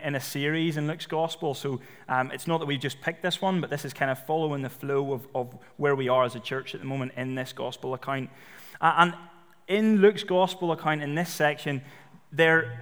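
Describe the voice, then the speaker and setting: A man preaching a sermon in a relaxed, conversational storytelling way, with frequent fillers. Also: medium pitch. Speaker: pastor. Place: church. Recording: long reverb of a church hall.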